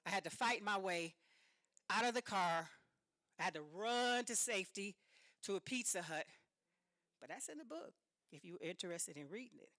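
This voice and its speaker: Woman, dramatic storytelling speech, animated, dry close sound. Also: mid-range voice, no room sound. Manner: dramatic, animated retelling with emphatic repetition. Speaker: speaker and author.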